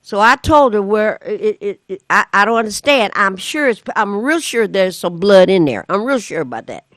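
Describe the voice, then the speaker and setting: A woman co-hosting a community talk show, telling stories in a casual, animated way and acting out the voices of the people in them. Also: mid-range voice, moderate pace, no room sound, clean studio sound. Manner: animated storyteller, acts out voices. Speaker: community radio co-host. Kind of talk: casual storytelling chat.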